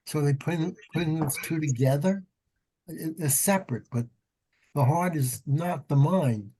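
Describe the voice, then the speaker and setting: Mellow-voiced male student asking questions. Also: on the high side, measured pace, slightly rough.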